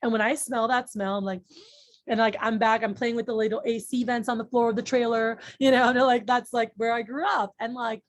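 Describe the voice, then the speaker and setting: A woman's voice: fairly high pitch, steady tone, brisk, no room sound. Thirties woman teaching a group, super chatty, says "like" constantly, swears, dry close sound. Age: 30s. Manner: chatty, lots of "like", blunt and profane. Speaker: workshop trainer. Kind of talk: casual talk to a group.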